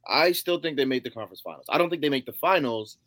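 A man co-hosting a casual sports podcast, emphatic and quick to push back, saying bro a lot. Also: mid-range voice, animated, fairly bright tone, no room sound. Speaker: podcast co-host.

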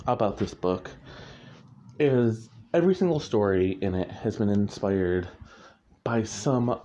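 Heard through a muffled lo-fi recording, a man with a mid-range, dark-toned voice talks about his writing. As an author in casual chat, he rambles, corrects himself, and frequently chuckles.

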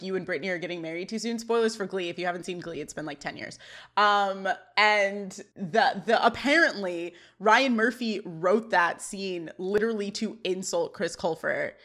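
A woman's voice: medium pitch, a bit bright. A woman co-hosting a podcast, chatting casually and reading out scene-by-scene recaps of a sitcom episode. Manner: chatty, reads scene recaps with quoted lines. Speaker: podcast co-host.

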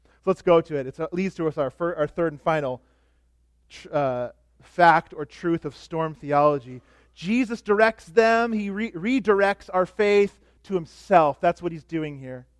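A middle-aged man preaching a sermon as pastor, animated, dropping to soft asides. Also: fairly high pitch, a little slow, no room sound, clean studio sound.

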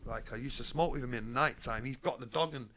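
A man's voice: medium pitch, fast, a bit bright. A man, a guest in an interview, telling his life story bluntly, streetwise and swearing freely.

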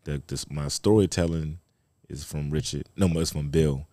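A man from Baltimore, a comedian guest telling stories in an animated, profane way on a casual podcast. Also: very deep voice, moderate pace, no echo. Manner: animated storyteller, profane, slips into quoted voices.

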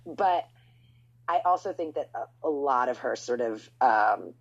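Husky low-voiced woman, lo-fi. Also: a little slow. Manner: animated storytelling, swooping up in pitch for emphasis. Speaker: podcast host. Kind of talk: casual chat. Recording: dull lo-fi sound.

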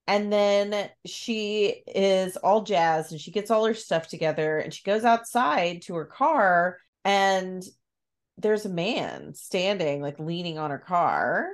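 Animated woman recapping a story. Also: fairly low pitch, a little slow. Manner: animated storyteller, acts out characters' lines, laughs often. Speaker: podcast co-host recapping a book. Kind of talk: casual chat.

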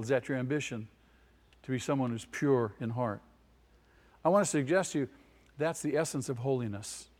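A man's voice: mid-range voice, darkish tone. Guy preaching a sermon, punchy, repeats lines, quizzes the crowd, big echoey church sound. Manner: emphatic, repeats key phrases, asks the congregation questions. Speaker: pastor. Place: church hall. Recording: long hall reverb.

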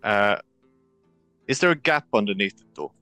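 A man playing at a tabletop game, describing his character's actions in a hesitant, halting way. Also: on the low side, expressive, sharp tone, dry recording, soft background music. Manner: hesitant, halting, full of fillers. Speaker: player.

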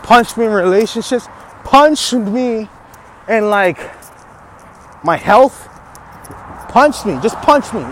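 A man with a high voice rants in a fired-up, trash-talking way, as if squaring up for a fight. He laughs between his lines. Faint noise sits behind him, recorded outdoors. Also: expressive, slow, pauses often. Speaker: podcast host. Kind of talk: fired-up motivational rant.

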